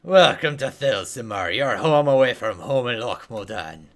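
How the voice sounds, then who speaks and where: A man's voice: medium pitch, lively intonation, moderate pace, faint music behind, close to an everyday voice. A man voicing a hearty male dwarf townsfolk quest giver with a put-on dwarf accent.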